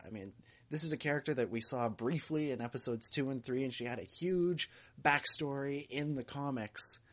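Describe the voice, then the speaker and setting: A man co-hosting a podcast in casual chat, chatty and joking, with a lot of "you know". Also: medium pitch. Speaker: podcast co-host.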